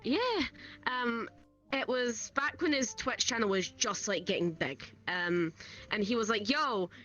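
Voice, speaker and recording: A young Scottish woman, a guest on a casual interview show, telling stories in a giggly, animated way and acting out the people she quotes. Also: mid-range voice, unhurried, faint music behind. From Scotland. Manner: giggly, animated storyteller, acts out quoted voices. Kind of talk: casual chat.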